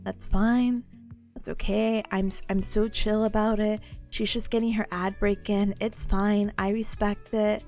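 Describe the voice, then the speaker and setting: A woman's voice: mid-range voice, level tone, unhurried, darkish tone, soft background music. A young woman streaming casually, playful and giggly, mocking herself as she chats to her viewers. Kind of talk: casual live-stream chat.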